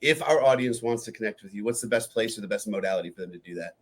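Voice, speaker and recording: A man hosting a podcast, upbeat and quick to laugh. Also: on the low side. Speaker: podcast host.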